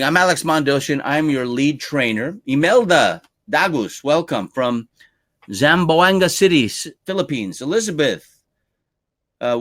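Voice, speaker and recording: A man's voice: fairly high pitch, a bit bright. A male lead trainer hosting a live-stream webinar, upbeat as he reads out viewer names one by one and welcomes them.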